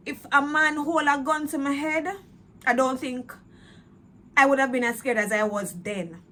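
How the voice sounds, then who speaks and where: A woman with a high-pitched, slightly bright voice shares her personal faith testimony at an unhurried pace. The emotional retelling is earnest and repetitive, and she slips into patois.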